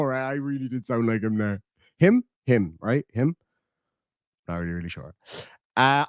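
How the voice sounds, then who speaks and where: Irish guy on stream, kinda high voice, swears a lot, dry close mic sound. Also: no echo. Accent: southern Irish. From Ireland. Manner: blunt and profane, chatty. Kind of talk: casual livestream chat.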